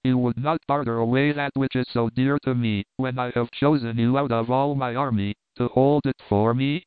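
A man's voice: mid-range voice, steady tone, normal speed, clean tone, no room sound, lightly acted. Angry medieval king, commanding and accusing, read by a man, dry, narrow-band audio. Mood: wrathful. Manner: stern, accusing.

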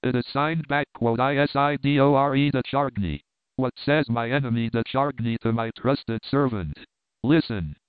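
A man's voice: medium pitch, normal speed, clean tone, dry recording, natural voice. A man reading a wrathful medieval king. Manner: stern, accusing. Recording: tinny narrow-band dry recording.

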